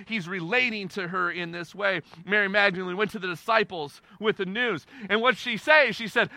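A male pastor delivering a sermon in a conversational, emphatic way, repeating phrases for stress and swinging between quiet and loud. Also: high voice, moderate pace, few pauses, no echo.

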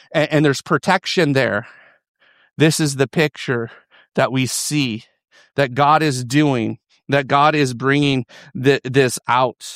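A man preaching a sermon, often repeating and restarting words, his pitch climbing on emphatic lines. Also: steady tone, measured pace, a bit bright, no room sound, studio quality. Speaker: pastor.

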